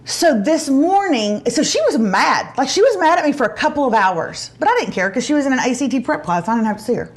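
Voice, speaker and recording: Woman host, middle-aged, animated storyteller, higher voice. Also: brisk, few pauses. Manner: chatty storytelling, acts out quotes with big pitch jumps. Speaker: show host. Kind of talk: casual chat show.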